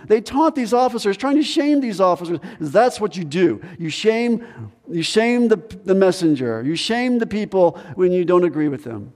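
A man preaching a sermon as pastor, animated, acting out the voices of people in the story. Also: sits high, moderate pace, in a large hall. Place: church sanctuary.

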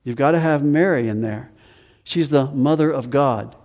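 A man preaching a sermon with earnest emphasis, slowing down on key phrases and rising in pitch when stressing a point. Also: a little mellow. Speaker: pastor. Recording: long hall reverb.

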